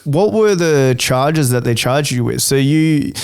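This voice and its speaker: Smooth-voiced male interview host. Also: medium pitch, expressive, measured pace. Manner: sums up the guest's story, steers the talk. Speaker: podcast host. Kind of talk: interview questions.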